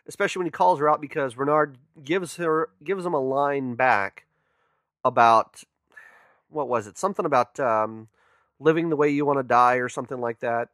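A man's voice: mid-range voice, normal speed, a bit bright, no room sound, studio quality. A man, a podcast co-host, casually recapping a movie in rambling talk full of restarts. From California. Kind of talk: casual movie-review chat.

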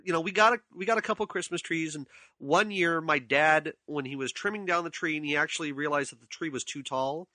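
A man chatting casually, an animated storyteller who laughs often and repeats words when he gets excited. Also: a little high, fairly quick, no echo. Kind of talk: casual chat.

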